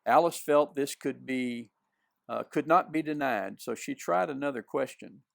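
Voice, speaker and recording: A man reads a children's classic aloud in an unhurried, even manner. His voice has a noticeable gravelly fry, sitting at a middle pitch, recorded close and dry. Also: no room sound. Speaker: reader. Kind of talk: reading a children's novel aloud.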